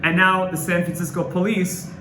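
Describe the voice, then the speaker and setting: A man's voice: high voice, flat delivery, normal speed, pushed and bright. A man telling a dramatic religious story with emotional, stammering restarts. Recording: echoey room with faint noise.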